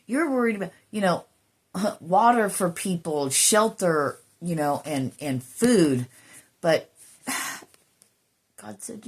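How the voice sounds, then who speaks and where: A woman giving an emotional, earnest spiritual card reading, sometimes dropping into soft whispers and swearing casually. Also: fairly low pitch, lively intonation, slow, long pauses, breathy edge. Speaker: intuitive card reader.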